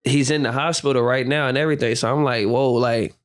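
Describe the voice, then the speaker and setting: A man's voice: mid-range voice, quick pace. A young man telling stories as a guest on a podcast interview, laughing often and acting out what people said. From United States. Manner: animated storyteller, acts out quotes, laughs often. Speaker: guest, professional basketball player. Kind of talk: casual storytelling interview.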